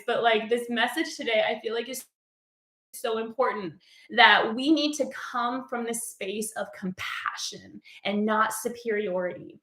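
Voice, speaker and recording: Earnest woman, bright voice, echoey room. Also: a little high, unhurried. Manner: earnest, heartfelt, casual with frequent "like". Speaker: spiritual coach. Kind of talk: spiritual message vlog.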